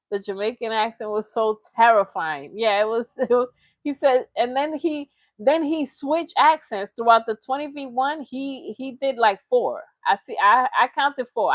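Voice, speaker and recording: A young woman rambles through casual commentary in a mocking, playful tone, tossing in made-up words. Her voice sits a little high. The recording is dry and close, with no room sound. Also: no room sound. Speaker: reaction channel host.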